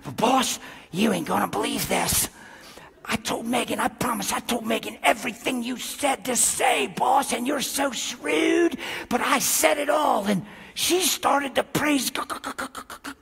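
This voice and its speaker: Grovelling small imp servant, stutters in fear, as a preacher puts him on; low, gravelly. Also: male voice, measured pace, fairly bright tone, faint music behind, heavily acted. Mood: fawning, panicky. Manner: fawning, stammering. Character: nervous stammering little male imp servant.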